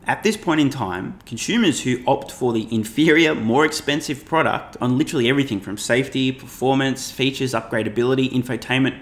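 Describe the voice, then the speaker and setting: A man's voice: medium pitch, expressive, fast talker, hardly any pauses. A man hosting his channel, talking through presentation slides with emphatic, profane commentary and laughing at his own jokes. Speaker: finance YouTuber.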